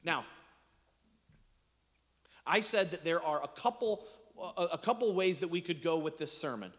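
A man preaching a sermon in an animated storytelling manner, with dramatic swings in pitch and loudness. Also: measured pace, big-room sound. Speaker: pastor.

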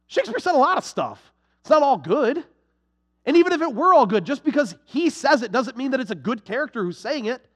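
A young adult man preaching a sermon to his congregation, animated and sarcastic, with quick restarts. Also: very high voice, long reverb tail. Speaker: pastor.

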